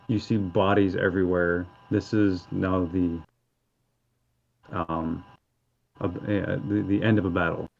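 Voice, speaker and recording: Low-voiced game master, dull audio. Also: male voice, little pitch movement, gravelly, slight background noise. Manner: halting, descriptive, with fillers. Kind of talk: narrating a tabletop game.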